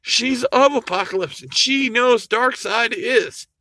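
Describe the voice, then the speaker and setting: A man's voice: extremely high pitch, slow pace, sharp tone, no room sound. A man vlogging, retelling a comic story in a rambling, emotional way, with frequent swearing and laughter. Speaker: YouTuber.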